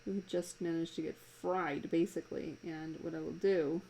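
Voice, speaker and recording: Low, gravelly-voiced woman chatting while drawing. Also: steady tone, normal speed, warm tone, a little hiss or hum, low-quality recording. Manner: chatty and amused, laughs often, rambles between thoughts. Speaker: live-drawing cartoonist and streamer. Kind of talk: casual chat while drawing live. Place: home desk.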